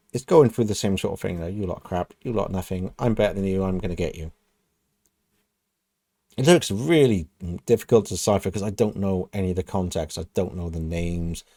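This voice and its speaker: A man reacting to a track, talking through his thoughts in a loose, meandering way and often reaching for "kind of" and "you know". His voice sits a little low and sounds mellow and relaxed. The sound is dry and close, with no room echo. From United Kingdom. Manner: musing, thinking aloud with many "kind of" and "you know". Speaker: music reaction host. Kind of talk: casual reaction commentary.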